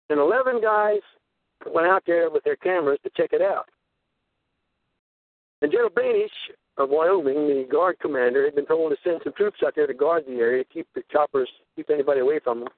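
This older radio host rambles through conspiracy-themed stories, acting out each person's voice in quotes. He speaks briskly on the high side, pausing often, with no echo, on a tinny phone-line radio recording.

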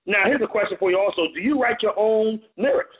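A man hosting a call-in radio show as DJ, playful and animated, hyping up callers and listeners. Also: high voice, a little fast. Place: home studio on a phone-in internet radio show. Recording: tinny phone-line audio.

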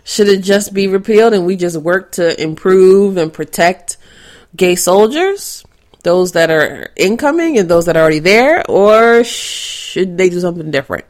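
Lively chatty woman podcast co-host. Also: on the low side, moderate pace. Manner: chatty, laughs often, swears casually. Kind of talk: casual podcast chat.

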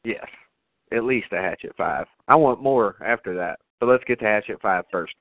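Profane excitable man on a tinny line. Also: lowish voice, normal speed, creaky. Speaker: podcast co-host. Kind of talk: casual horror movie chat.

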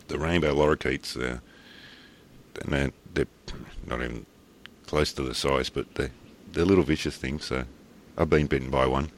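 A man's voice: very deep voice, a little hiss or hum. An Australian man co-hosting a podcast, telling laid-back stories in casual chat, laughing often and swearing casually. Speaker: podcast co-host.

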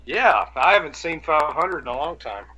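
Husky-voiced crude podcast co-host. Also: male voice, fairly high pitch, animated, normal speed, bright, forceful tone, poor audio. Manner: crude, joking. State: throat ailment. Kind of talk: casual podcast chat.

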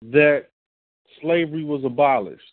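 A man's voice: on the high side, no echo. Emphatic preaching man, tinny sound. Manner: emphatic, repeats and reads slowly for stress. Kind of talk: preaching lecture. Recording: tinny phone-like audio.

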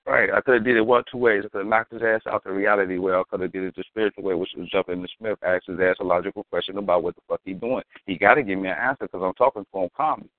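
A man's voice: sits low, steady tone, racing, hardly any pauses, no room sound. A man telling a rambling, profane, slang-heavy story with philosophical asides. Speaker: storyteller guest. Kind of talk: casual storytelling. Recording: tinny phone-like, dry.

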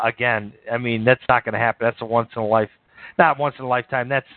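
A man's voice: medium pitch, no room sound. A man hosting a live stream, giving blunt, profane, dismissive reaction commentary. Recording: dry, tinny phone-like sound.

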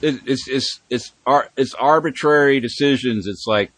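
A man's voice: medium pitch, moderate pace, fairly bright tone, no echo. A man hosting a podcast in casual chat, rambling and swearing with emphatic bursts. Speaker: podcast host.

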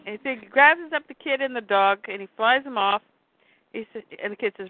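A woman's voice: a little high, brisk, dry recording. A woman co-hosting a casual podcast, recapping a comic book and reading its dialogue aloud with light character voices. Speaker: podcast co-host. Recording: tinny phone-like line, dry.

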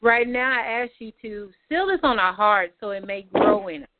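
Woman leading a prayer on a phone call, kinda high voice, fervent and repetitive, thin tinny line. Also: animated, normal speed, dry recording. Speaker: prayer meeting moderator.

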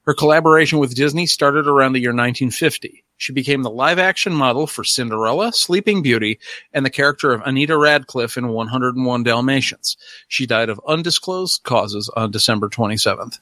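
A man co-hosting a podcast, reading out trivia notes and slipping in deadpan gags. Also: medium pitch, fairly quick, no room sound. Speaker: podcast co-host. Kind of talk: reading notes in casual chat.

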